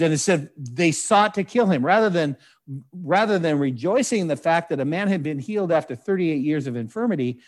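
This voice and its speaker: A man's voice: fairly high pitch, a little mellow. A man preaching a sermon in a conversational, folksy way, with frequent asides and scripture read aloud. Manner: reads scripture aloud in measured voice. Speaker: pastor.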